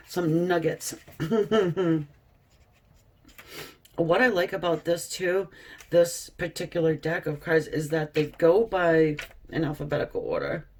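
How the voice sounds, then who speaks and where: A woman giving a casual tarot reading, reading card texts aloud slowly with chatty asides to her viewers. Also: sits low, darkish tone. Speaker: tarot reader.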